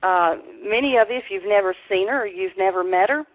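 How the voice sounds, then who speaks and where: A woman hosts a webinar with a rousing, preacher-like pep talk. Her pitch sits in the middle, and the sound comes through a tinny, phone-like line. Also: fairly quick. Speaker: webinar host.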